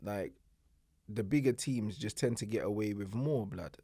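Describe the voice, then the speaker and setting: Chill dude breaking down football, bruv innit vibes, dry mic. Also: male voice, lowish voice, normal speed, vocal fry, warm tone, husky, dry recording. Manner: laid-back, reasoning, street slang. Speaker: podcast co-host. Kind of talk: casual sports banter.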